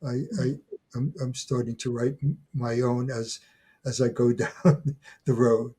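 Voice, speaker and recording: A man in his eighties, a guest on an interview podcast, speaking haltingly and often repeating words as he restarts his sentences. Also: medium pitch, flat delivery, warm tone, slightly rough. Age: 80s. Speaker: guest, folklore scholar. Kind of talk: conversational interview.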